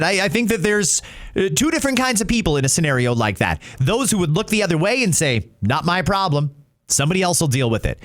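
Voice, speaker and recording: A man's voice: high-pitched, a bit bright. A man hosting an opinion show, ranting indignantly about politics. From Canada. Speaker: podcast host. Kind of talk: opinion commentary.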